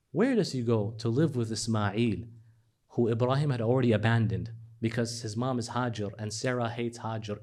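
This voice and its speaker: A man preaching a lively sermon, retelling stories with acted dialogue and swinging from hushed lows to animated highs. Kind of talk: religious sermon.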